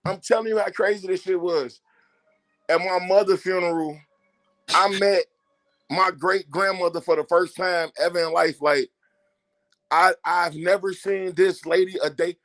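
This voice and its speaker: On a casual podcast, a man with a high, unhurried voice tells stories loaded with swearing. He's animated and profane, acting out the voices of the people he quotes.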